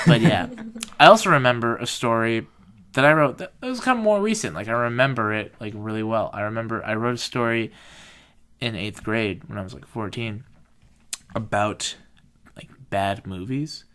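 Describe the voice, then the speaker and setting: A young man chatting on a podcast in a loose, rambling way, with a bright, crisp-edged tone. He pads every sentence with filler and curses freely. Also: medium pitch, normal speed. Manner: rambling, heavy filler words and swearing. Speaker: podcast host. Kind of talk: casual chat.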